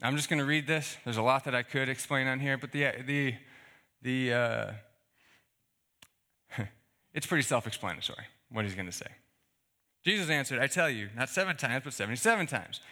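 A man's voice: mid-range voice, normal speed, pauses often. A male pastor giving a conversational sermon, reading scripture and explaining it with rhetorical questions. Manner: conversational, animated preaching with fillers and rhetorical questions.

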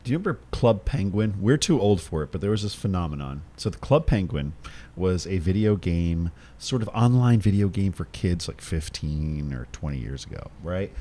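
Lively low-voiced man chatting on a podcast. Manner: rambling storyteller, swears freely. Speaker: podcast co-host. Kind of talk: casual podcast chat.

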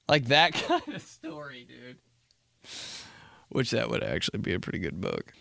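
Gravelly young man rambling a funny story. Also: wildly swooping pitch, pushed and bright, dry recording. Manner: rambling storyteller, drops into slow, low voices when quoting people. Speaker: podcast host. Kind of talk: casual comedic monologue.

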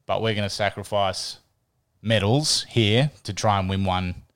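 A man's voice: fairly low pitch, fairly even intonation, measured pace, a bit bright. A man co-hosting a sports podcast, chatting casually and often repeating words as he thinks. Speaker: podcast co-host.

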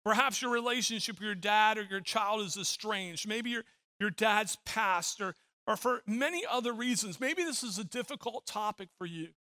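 A man's voice: high-pitched, normal speed, pushed and bright. A middle-aged man preaching a sermon as pastor, telling stories with frequent repeated words.

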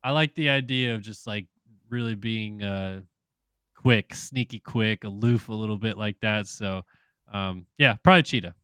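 Young man, podcast guest, bright forceful voice, close and dry, chatty with lots of "um"s. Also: fairly low pitch, normal speed, clean tone, no echo. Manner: thoughtful, many fillers and restarts. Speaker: guest, moto journalist. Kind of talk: casual interview chat.

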